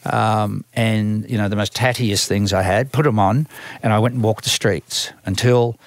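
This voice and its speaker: A man's voice: lowish voice, fairly even intonation, moderate pace, no room sound. An older Australian man who manages a band, telling long rambling stories from his career in a casual interview, full of restarts and acted-out quotes.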